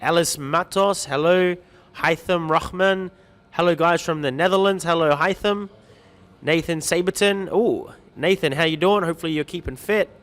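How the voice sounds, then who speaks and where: On the high side and fairly bright, the man's voice comes at a normal speed with a long reverb tail behind it. He hosts a livestream, reading out viewer comments and greeting people by name with light jokes in an upbeat, chatty manner.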